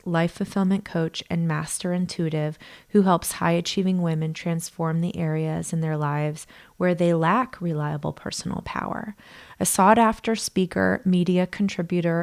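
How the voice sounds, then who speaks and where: A woman in her thirties hosts a podcast interview in a low voice with a gravelly edge. She speaks softly and often drops almost to a whisper. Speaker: podcast host, inner voice coach.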